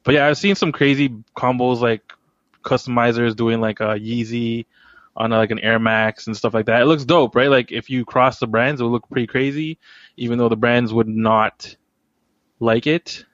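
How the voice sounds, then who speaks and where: A man's voice: medium pitch, fairly even intonation, moderate pace, fairly bright tone, no room sound, lo-fi sound. A man co-hosting a podcast, talking in a laid-back, hesitant way. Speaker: podcast co-host. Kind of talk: casual podcast chat.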